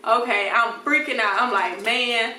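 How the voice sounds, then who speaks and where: Young woman, bright voice, echoey room, mic set back. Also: fairly high pitch, measured pace, recorded from a distance, a little hiss or hum. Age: young adult. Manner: animated, acts out voices in quotes, laughs often. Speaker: vlogger. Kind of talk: casual storytime.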